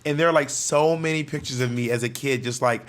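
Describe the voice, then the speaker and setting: A young man from Georgia co-hosts a podcast in relaxed chat. He tells stories with energy and acts out the voices of the people in them. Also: medium pitch, a little fast. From Georgia, USA. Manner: animated storyteller, acts out quotes. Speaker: podcast co-host. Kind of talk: casual chat.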